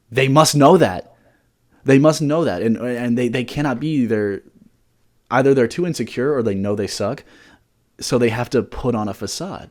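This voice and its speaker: A man's voice: medium pitch, darkish tone. A young man co-hosting a podcast, chatting casually in a rambling way, often repeating words and swearing freely. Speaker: podcast co-host.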